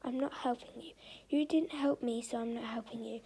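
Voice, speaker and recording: Storybook: a woman playing a smug skinny monkey, dark husky tone. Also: fairly high pitch, fairly even intonation, normal speed. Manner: smug, told-you-so. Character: tall skinny male monkey, patient and smug.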